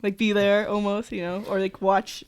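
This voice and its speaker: A woman co-hosting a podcast in a relaxed, chatty conversation, laughing along. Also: mid-range voice, moderate pace, smooth. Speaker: podcast co-host. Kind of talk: casual chat.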